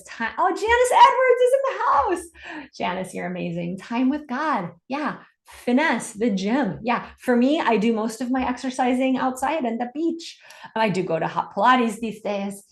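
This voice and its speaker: Encouraging woman coach, echoey room. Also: mid-range voice. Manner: upbeat, encouraging, reads chat comments aloud. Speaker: summit host and business coach. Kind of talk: live webinar coaching talk. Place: home in Santa Cruz.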